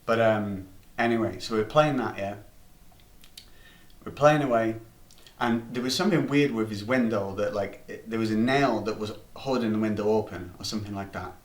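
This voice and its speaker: A man's voice: on the low side, normal speed. A man rambling through a comic anecdote, swearing freely and restarting his sentences. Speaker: comedy storyteller. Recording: roomy room, distant mic.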